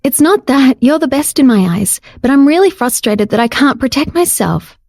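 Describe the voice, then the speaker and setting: A shy, affectionate young woman speaks in a raised, earnest voice, as a woman narrator puts her on. Her tone is warm and mellow. The recording is close and dry, with no room sound. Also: animated, normal speed, dry recording. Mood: tender. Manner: pitched up, earnest and emotional. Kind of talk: audiobook character voice.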